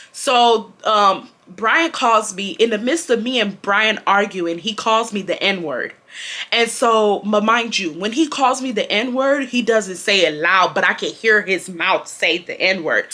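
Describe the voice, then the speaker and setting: A young woman tells a school story straight to her audience. Her voice is bright and forceful. She talks in an animated, slangy, chatty way. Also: mid-range voice. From Houston, Texas. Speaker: storytime vlogger. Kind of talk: casual storytime chat.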